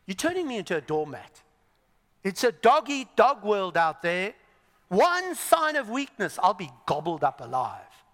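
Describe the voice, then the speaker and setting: A man voicing an indignant, resentful churchgoer who fires off rapid, exasperated questions. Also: high voice, huge pitch swings, fairly bright tone, big-room sound, heavily acted. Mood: scoffing. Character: indignant wronged male churchgoer, resentful and defensive.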